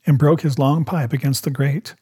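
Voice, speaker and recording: A man reading a storybook aloud in a steady first-person narration. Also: fairly high pitch, moderate pace, husky. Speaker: audiobook narrator. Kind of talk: scripted narration.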